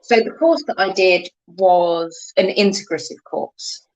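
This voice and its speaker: A woman's voice: fairly low pitch, slow, poor audio. A woman in a casual chat who explains ideas and acts out the inner voice of her own thoughts.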